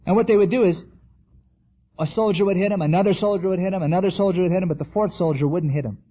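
Preacher with a husky, mellow voice. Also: male voice, high-pitched, fast, dull audio. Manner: conversational preaching, acts out quotes. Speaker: pastor. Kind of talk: sermon.

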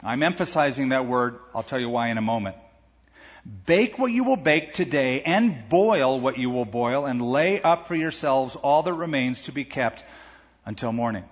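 Husky-voiced male pastor preaching in a hall. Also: mid-range voice, lively intonation, normal speed. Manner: conversational expository preaching with asides. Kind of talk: sermon. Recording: echoey hall, dull lo-fi sound.

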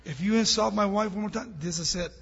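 A man doing a gruff threatening husband. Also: sits high, a little fast, big-room sound, lo-fi sound. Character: angry protective husband threatening a parrot.

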